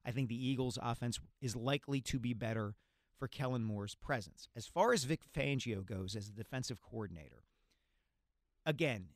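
A man co-hosting a sports talk show, giving careful, analytical opinions in a measured way. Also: mid-range voice, no room sound, studio quality. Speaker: sports columnist and co-host.

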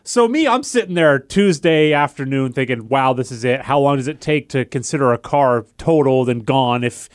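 A man's voice: medium pitch, expressive, normal speed, few pauses, no echo, studio quality. A young man co-hosting a casual talk show, telling a long story and acting out the voices of the people in it. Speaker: podcast co-host.

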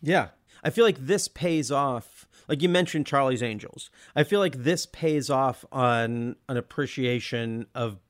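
A man's voice: medium pitch, smooth. A man co-hosting a podcast, chatting casually and enthusiastically about a film, often laughing. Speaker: podcast co-host.

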